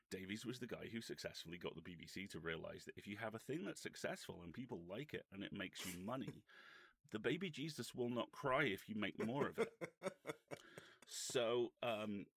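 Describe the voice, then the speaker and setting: A man's voice: on the low side, vocal fry, pushed and bright, husky, no room sound. A man, a podcast co-host, telling a rambling, sweary anecdote with wry humour.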